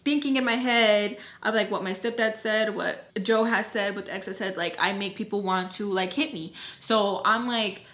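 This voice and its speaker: A young woman tells a personal story in a casual, animated way, swearing freely and acting out what people said. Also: medium pitch, normal speed, hardly any pauses. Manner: animated, profane, acts out quotes. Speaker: beauty vlogger telling a story. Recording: echoey room.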